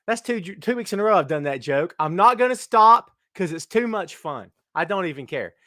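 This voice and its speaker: A middle-aged man hosting a live stream, greeting viewers by name in loud, joking, self-mocking banter. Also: high voice, animated, moderate pace, no echo, clean studio sound. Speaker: host. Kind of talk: casual live-stream chat.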